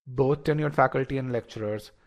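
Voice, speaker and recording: A man's voice: mid-range voice, fairly quick. A man leading a live online class, talking through reasoning step by step with lots of restarts and fillers and polling his students. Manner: animated, frequent restarts and fillers. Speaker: test prep instructor.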